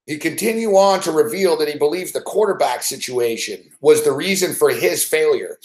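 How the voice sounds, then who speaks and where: A man's voice: on the high side, measured pace, reverberant. A man hosting a sports betting show, ranting about football with sarcastic, profane remarks and frequent laughs.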